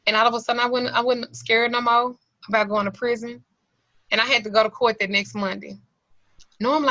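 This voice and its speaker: A woman's voice: a little high, bright, forceful tone, dry recording. A middle-aged woman, close to tears, teaching an occult class over a video call and giving a candid, colloquial personal testimony. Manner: candid, colloquial, earnest storytelling. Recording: slightly lo-fi video call audio.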